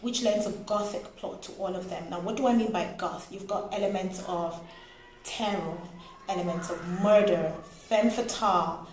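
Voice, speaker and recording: A woman from Nigeria giving a casual, animated book review, laughing now and then. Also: medium pitch, moderate pace. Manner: animated, expressive, laughs often. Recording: echoey room, faint noise.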